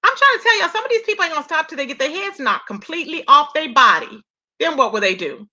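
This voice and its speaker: Sassy high-voiced woman recapping gossip. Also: fast, muffled recording. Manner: sassy, animated, laughs a lot, says "okay" and "period". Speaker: YouTube commentary host.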